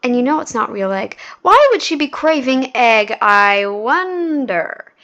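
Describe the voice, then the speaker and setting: A woman's voice: high-pitched, big pitch swings, moderate pace, a bit bright, muffled recording. A woman hosting a reaction video, talking in a casual, sarcastic and mocking way.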